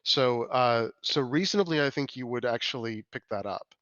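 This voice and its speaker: A man game-mastering a tabletop session, describing the scene in a halting way full of restarts and corrections. His voice sits at a mid pitch. The sound is dry and a little muffled, as from a modest lo-fi mic. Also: fairly bright tone, no echo.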